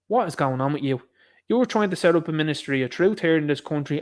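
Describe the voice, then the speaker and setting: An Irish man hosting his own commentary show, reading headlines aloud and riffing on them in a casual, indignant, sarcastic way. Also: a little high. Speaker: commentary podcast host.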